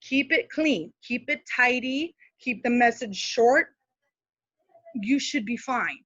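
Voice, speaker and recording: A woman's voice: on the high side, expressive, takes it slowly, fairly bright tone, husky, no echo, lo-fi sound. A woman speaking as a guest social media manager, giving casual, practical tips on a live video call with many fillers and asides.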